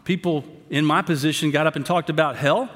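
A male pastor preaching a sermon, his voice sitting a little high for a man. He pleads with passion, and his words ring out with the long reverb of a church hall. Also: a little fast. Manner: impassioned, pleading, animated delivery.

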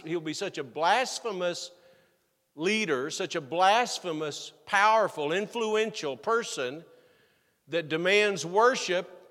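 A fairly high-voiced man preaching to his congregation, reading verses in old wording and then unpacking them in everyday speech. His words ring out with a long reverb in the church sanctuary. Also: a bit bright. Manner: reads scripture aloud then explains it plainly, with restarts. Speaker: pastor. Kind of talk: expository sermon.

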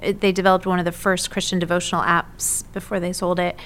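A woman's voice: on the low side, level tone, quick pace, fairly bright tone, clear, resonant tone. A woman pastor answering interview questions earnestly and openly, with some fillers as she thinks. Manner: earnest and open, with frequent fillers and restarts. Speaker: pastor, guest.

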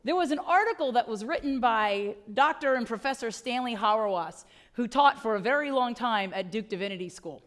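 High-voiced woman preaching. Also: expressive, normal speed, few pauses, a bit bright. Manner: conversational, wry and emphatic, with tag questions. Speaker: pastor. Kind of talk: sermon.

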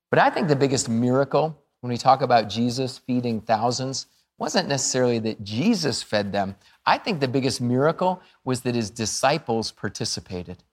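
Man preaching with big swings in volume. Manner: dynamic, swings from loud high bursts to hushed low phrases; storytelling with quoted dialogue. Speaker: pastor. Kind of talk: sermon.

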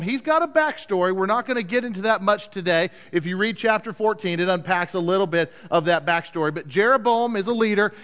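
High-voiced animated preacher in a hall. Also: male voice. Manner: animated storytelling, asks the listeners questions. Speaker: pastor teaching a Bible story. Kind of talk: sermon. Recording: long hall reverb.

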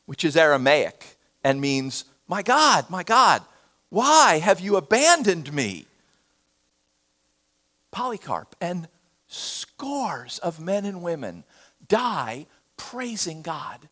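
A male pastor preaching a sermon, swinging from loud, emphatic bursts to hushed, almost whispered lines. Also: high voice, very animated, unhurried.

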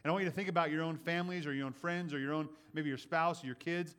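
A man preaching a sermon in an earnest way. He often checks in with the listeners with a quick "right?" and repeats words as he builds his points. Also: fairly high pitch, fairly even intonation, a bit bright, clear, resonant tone. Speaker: pastor.

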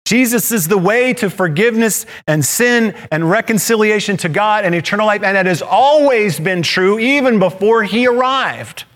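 A male pastor preaching a sermon, animated and playful, with self-deprecating asides. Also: high-pitched, moderate pace, hardly any pauses.

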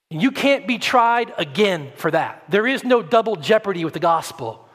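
Long church-hall reverb surrounds this earnest sermon, preached in a church sanctuary by a pastor from Atlanta, Georgia, US. His voice is high-pitched and husky, and he tends to repeat words when starting sentences.

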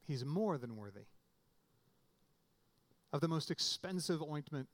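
A man's voice: a little high, animated, unhurried. A man preaching a sermon in a conversational way, often restarting phrases and rising suddenly for emphasis. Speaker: pastor.

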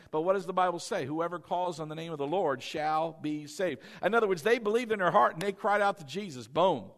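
A man preaching a sermon with a fairly high voice. He swings from fervent, shouted exhortation down to soft, confiding asides, with quick laughs in between. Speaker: pastor.

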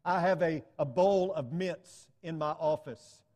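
A man's voice: a little high, measured pace, darkish tone, in a large hall, lo-fi sound. A man preaching a sermon to his congregation, earnest and telling stories to illustrate his points. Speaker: pastor.

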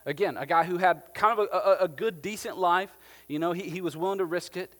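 Preaching in a big-sounding room, a pastor with a high voice speaks briskly. He talks casually, telling animated stories and leaning heavily on "like."

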